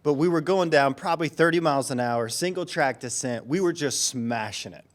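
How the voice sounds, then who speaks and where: Animated man telling a story. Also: on the high side, brisk. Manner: animated storyteller, laughs often. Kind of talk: casual storytelling chat.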